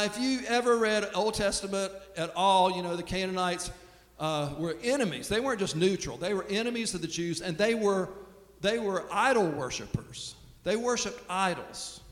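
A man preaching a sermon in a relaxed, storytelling way, often restarting his sentences, recorded in a church sanctuary. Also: high voice. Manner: conversational storytelling, with frequent restarts. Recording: echoey hall with long reverb.

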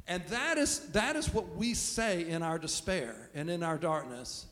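A man's voice: sits high, sing-song, unhurried, fairly bright tone. A man preaching a sermon as pastor, talking in a conversational, self-deprecating way. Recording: long reverb of a large hall.

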